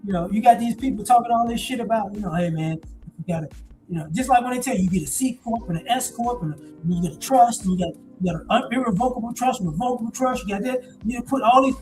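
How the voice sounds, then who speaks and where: A man in his forties giving a blunt, profane, animated casual monologue. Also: very high voice, quick pace, soft background music, rough recording. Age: 40s. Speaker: commentator.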